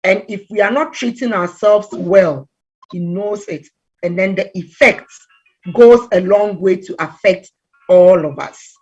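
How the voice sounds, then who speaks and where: A middle-aged woman from Ghana giving a conversational talk on relationships, telling stories with lively acted-out quotes. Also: medium pitch, measured pace, slightly rough, muffled recording, faint music behind. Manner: animated storytelling, acts out quoted voices. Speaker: relationship talk guest speaker.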